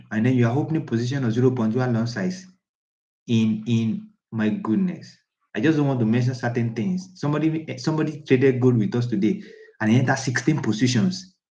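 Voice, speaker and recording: A man's voice: medium pitch, warm tone, dull audio. A man who coaches traders in a casual live class, talking in an emphatic, repetitive, preachy way. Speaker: trading coach.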